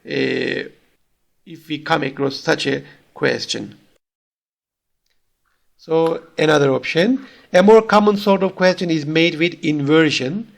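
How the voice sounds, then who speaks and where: Male lecturer with a Turkish accent; a bit high-pitched with a gravelly edge; steady teaching delivery. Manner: reads examples aloud, explains step by step with fillers. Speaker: university lecturer. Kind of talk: recorded lecture.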